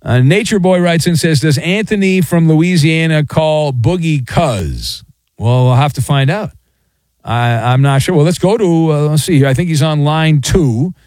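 A man's voice: on the high side, expressive, normal speed, darkish tone, no echo. Joking male radio host, dry studio sound. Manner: rambling, joking, reads listener messages aloud. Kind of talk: casual sports radio talk. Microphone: studio microphone.

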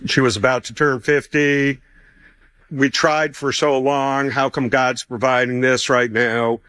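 A man's voice: medium pitch, little pitch movement, measured pace, a bit bright, no room sound. Middle-aged man, personal testimony, easygoing storyteller who chuckles and quotes people, dead-dry recording. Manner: conversational, acts out dialogue, chuckles often.

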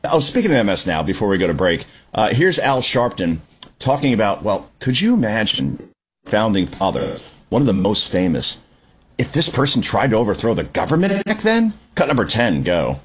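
A man hosting a Sunday morning talk radio show, giving an opinionated, sarcastic monologue that climbs into yelling. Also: on the low side, normal speed, slightly rough. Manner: animated, sarcastic, prone to yelling. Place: at the shore.

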